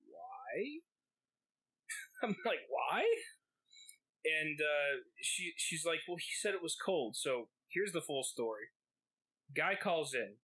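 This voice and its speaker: A man's voice: mid-range voice, sharp tone, poor audio. A man co-hosting a podcast, telling a rambling, profane story full of fillers. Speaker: podcast co-host. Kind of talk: casual storytelling.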